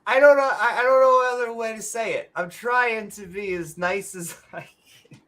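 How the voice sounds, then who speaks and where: A woman's voice: on the high side, normal speed, a bit bright. A woman co-hosting a podcast, ranting bluntly and sarcastically in casual chat and swearing freely. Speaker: podcast co-host.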